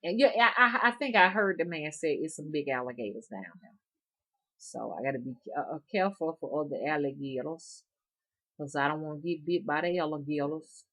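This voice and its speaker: Folksy low-voiced Southern woman. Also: brisk, fairly bright tone. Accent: Southern US, Alabama. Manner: rambling, folksy, chuckling often. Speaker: rootworker vlogger. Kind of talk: casual chat to viewers.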